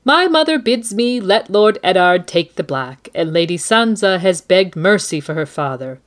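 A woman reading a cruel teen boy king, commanding, lively pitch, low voice. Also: moderate pace, natural voice. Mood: imperious.

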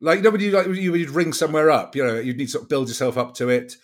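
Fast-talking self-mocking man. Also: fairly high pitch, fairly even intonation. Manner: rambling, self-deprecating, stumbles and repeats words. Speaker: podcast guest. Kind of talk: casual comic chat.

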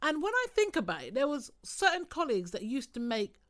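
Casting: bright, fairly high british woman, animated chat, swears, acts out rows. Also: a little fast. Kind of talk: casual discussion.

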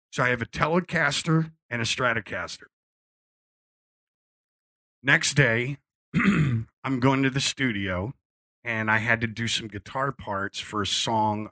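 A middle-aged man spins a casual anecdote with lively, animated delivery, jumping into the voices of the people in his story. His voice is bright and forward, and the sound is dry and close, with no room around it. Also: on the low side, no room sound. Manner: animated storyteller, acts out quotes, swears freely. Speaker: musician telling a story.

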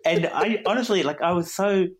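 A young Australian man, a podcast guest telling a rambling, self-deprecating story with frequent laughs and asides. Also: high voice. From Queensland, Australia. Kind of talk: casual conversational storytelling.

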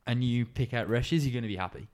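A man co-hosting a casual podcast, trading quick jokes. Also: medium pitch, darkish tone. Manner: joking, quick banter. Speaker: podcast co-host. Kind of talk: casual chat.

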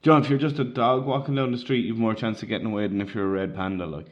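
A young man with an Irish accent chatting loosely, full of "like" and half-finished thoughts. His voice sits a little low. The recording is dull and lo-fi. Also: fairly even intonation, very fast. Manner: rambling, filler-heavy, easily amused. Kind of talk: casual chat.

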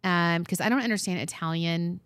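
A woman co-hosting a casual chat show, telling lively stories and acting out what people said. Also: fairly low pitch, fairly quick, smooth, dry recording, clean studio sound. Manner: animated storyteller, acts out quotes. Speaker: podcast co-host.

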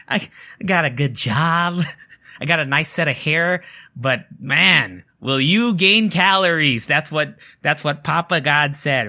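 Man, casual vlog chat, bright lively voice, rambling, swears, smoking while talking. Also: on the high side. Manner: rambling, joking, swears freely. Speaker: vlogger.

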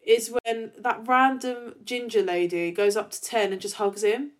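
A woman with a somewhat high voice co-hosts a casual fan podcast. She retells scenes in a chatty, animated way and fills her talk with fillers. She jumps into quoted lines as she goes. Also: normal speed. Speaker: podcast co-host.

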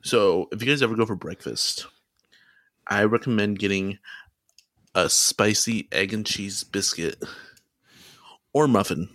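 Young male podcast co-host, lower register, dry close-mic sound, laughs easily and rambles. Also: measured pace, long pauses, a bit bright, no echo. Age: young adult. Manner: laughs often, rambling restarts. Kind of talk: casual chat. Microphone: home mic, remote call.

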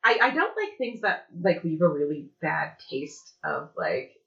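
A woman co-host talking casually, rambling with many fillers in a lower voice with a bright, forward edge. The room is echoey and the recording sounds dull and lo-fi. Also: wildly swooping pitch, measured pace, gravelly. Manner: rambling, heavy use of fillers like "like" and "um". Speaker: podcast co-host. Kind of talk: casual chat.

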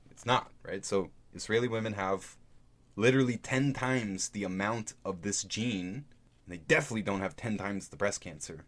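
Male podcast host, low voice, casual and conversational. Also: moderate pace. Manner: conversational, thinks aloud, reads out quotes. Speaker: podcast host reviewing a book. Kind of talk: casual solo podcast talk.

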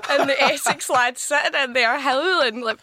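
Lively scottish woman telling stories. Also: high voice, moderate pace. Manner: animated, laughs often. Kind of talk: casual chat, storytelling.

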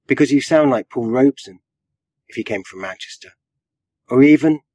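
A man's voice: medium pitch, normal speed, dark tone, no room sound, lightly acted. A man reading out the lines of a playful wife who teases her husband, in a light, affectionate way. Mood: teasing. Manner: teasing, playful. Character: teasing, affectionate wife, middle-aged woman.

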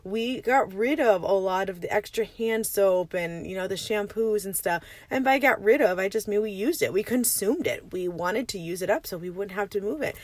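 A woman in her thirties with a raspy just-woken voice, hosting a casual solo podcast from a parked van, rambling and chatty with frequent laughs. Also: medium pitch, lively intonation, normal speed, few pauses, no room sound. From Arizona, USA. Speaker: podcast host.

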